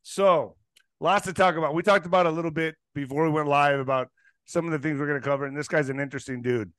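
Eager, slightly high-voiced male host. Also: steady tone, racing, fairly bright tone, dry recording. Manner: loose and profane, eager, calls people dude. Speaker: podcast host. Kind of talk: casual interview chat.

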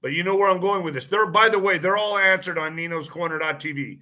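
Fast and high-voiced, this man sounds pushed and bright. He hosts his own online show, talking through a loose monologue with repeated phrases, many restarts and fillers, and claims framed as questions.

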